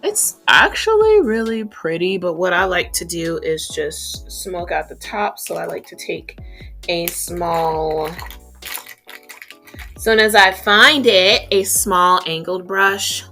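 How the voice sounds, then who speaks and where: A young woman talks her way through a makeup routine in a loose, rambling, chatty way, full of "like" and "um". Her voice sits a little low for a woman, and faint music plays underneath. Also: animated, slow pace, pushed and bright. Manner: rambling, chatty, lots of fillers. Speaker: beauty vlogger. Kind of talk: casual chat while doing makeup.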